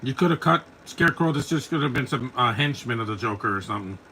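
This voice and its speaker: A man in his forties talks over a film in a live commentary podcast. His voice is bright and forceful at a middle pitch. He is blunt and opinionated, and he rambles from one gripe to the next. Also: expressive, quick pace, a little hiss or hum. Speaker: podcast host.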